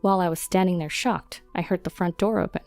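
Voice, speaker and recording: Low, mellow woman narrating a story. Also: steady tone, quick pace, no room sound, soft background music. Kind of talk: first-person story narration.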